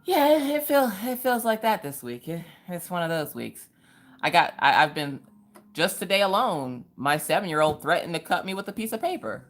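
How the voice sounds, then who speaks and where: A woman hosts a casual livestream, her pitch jumping lively up and down as she calls out viewers by name. She talks in an easy, joking way, full of playful exclamations and chatty asides. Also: moderate pace. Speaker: livestream host.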